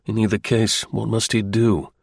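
A man narrating an audiobook in a measured, unhurried reading. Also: on the low side, little pitch movement, vocal fry, no room sound, clean studio sound.

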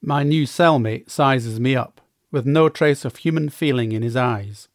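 A man's voice: medium pitch, measured pace, no echo, studio quality. Plainspoken man narrating a memoir. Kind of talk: first-person audiobook narration.

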